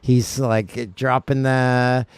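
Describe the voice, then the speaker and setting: A man's voice: mid-range voice, little pitch movement, drawn-out words, creaky, smooth, dry recording. A man hosting a casual hockey talk show, trading playful jokes and banter with his co-host. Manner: playful, joking, banter-driven. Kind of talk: casual sports podcast talk.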